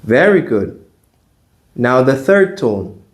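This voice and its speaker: A man leading a pronunciation drill at a very slow, deliberate pace. His voice sits at an ordinary middle pitch, and he speaks as a patient teacher asking learners to repeat after him. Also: big pitch swings. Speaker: language teacher.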